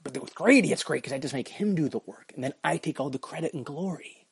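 A man's voice: a little high, animated, fast talker, creaky, husky, no echo. A man hosting his own podcast, rambling through a profane, self-mocking solo rant. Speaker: podcast host.

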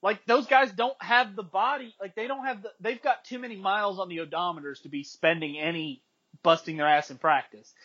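A man with a notably high voice rants bluntly in a casual sports chat, pressing his opinions hard. The sound is dull and lo-fi. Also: brisk, pushed and bright. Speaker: podcast co-host.

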